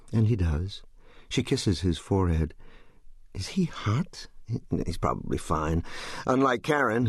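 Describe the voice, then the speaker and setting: A man narrating an audiobook in a measured, descriptive storytelling voice. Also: low voice, slightly rough, no echo, studio quality.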